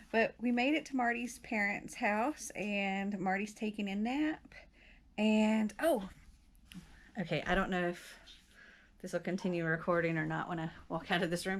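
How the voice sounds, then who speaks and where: A woman chatting casually in a vlog, recorded on a phone camera indoors, rambling and laughing easily. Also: medium pitch. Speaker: book vlogger. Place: indoors at a house.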